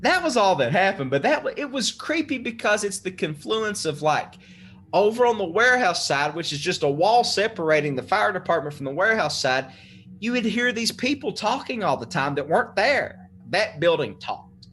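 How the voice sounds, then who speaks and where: Lively animated male storyteller. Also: high-pitched, moderate pace, slightly rough. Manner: animated, swearing, laughing storyteller. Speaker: podcast guest. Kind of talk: casual storytelling.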